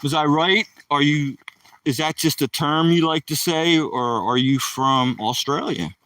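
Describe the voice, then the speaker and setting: A man's voice: on the high side, unhurried, fairly bright tone, dry recording, far from the mic, rough recording. A man live streaming while he walks his dog on a rural dirt road, chatting loosely with the viewers in his chat.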